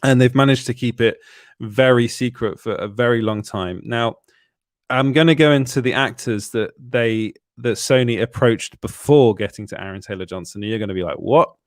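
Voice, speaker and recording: Man, enthusiastic podcast chat, mid-range pitch, dry close mic. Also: moderate pace, dry recording. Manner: enthusiastic, rambling with restarts. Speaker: podcast co-host. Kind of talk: casual chat about films.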